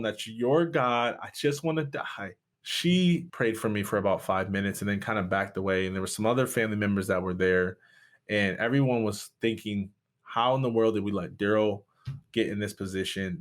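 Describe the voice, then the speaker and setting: A man's voice: lowish voice, fairly bright tone. Impassioned man telling his story. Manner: impassioned, voice rising sharply at peaks. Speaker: guest, pastor and speaker. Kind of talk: storytelling interview.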